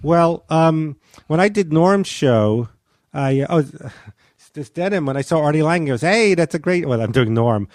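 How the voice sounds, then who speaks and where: A man, a guest comedian, telling a podcast story in a rambling, halting way full of fillers. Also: fairly high pitch, lively intonation, a little mellow, no room sound, clean studio sound.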